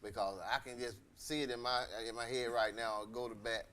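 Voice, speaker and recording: A man's voice: medium pitch, fairly quick. A man hosting a casual chat, telling stories with laughter and acting out the people he quotes. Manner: animated, laughing, acts out quoted voices. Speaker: host.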